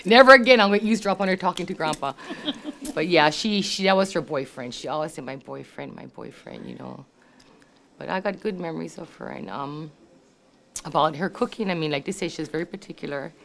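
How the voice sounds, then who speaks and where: A woman's voice: low voice, a little fast, creaky, a little hiss or hum. Laughing Hawaii-accented older woman storyteller. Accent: Hawaii local English. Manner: chatty, laughs often, acts out relatives' voices. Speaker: family member sharing memories. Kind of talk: casual storytelling. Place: family reunion gathering.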